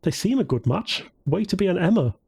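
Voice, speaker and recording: A man's voice: high-pitched, sing-song, a little fast, vocal fry, a little mellow, husky, pitched above the performer's own voice, heavily acted. A male narrator voicing a wry young woman with a teasing way of talking.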